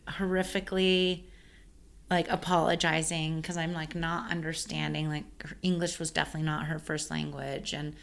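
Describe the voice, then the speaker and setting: A woman caterer chatting casually and telling an animated story, full of "like" fillers. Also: deep voice, normal speed, creaky. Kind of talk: casual chat.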